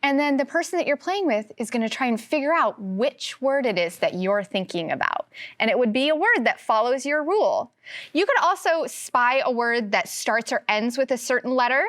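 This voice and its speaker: A woman teaching a first grade phonics lesson, slowly sounding out words for young children. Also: a little high, fairly bright tone. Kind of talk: televised classroom phonics lesson.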